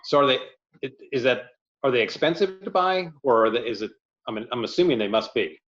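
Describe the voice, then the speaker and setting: A man co-hosting a podcast, asking short questions and agreeing quickly. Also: medium pitch, fairly bright tone, muffled recording. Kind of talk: casual podcast chat.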